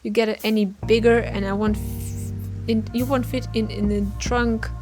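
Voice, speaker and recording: A talkative male beaver, a proud family man who spins long, jokey yarns in a folksy way, done here by a woman reading for a video game. The voice sits fairly high. Game music plays underneath. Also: level tone, moderate pace, a little mellow, natural voice. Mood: rambling.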